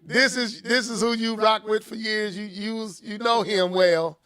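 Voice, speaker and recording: A man hosting a casual gaming podcast, reading news aloud and reacting with animated outbursts that climb into shouts. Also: sits high, unhurried, clean tone, dry recording. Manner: animated, rises to shouting when worked up. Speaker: podcast host.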